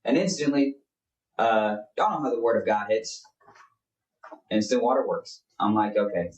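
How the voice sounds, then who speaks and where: A man's voice: mid-range voice, moderate pace. A young man, a podcast co-host, talking earnestly in a rambling, casual way with many fillers. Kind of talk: casual faith chat. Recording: roomy, distant mic.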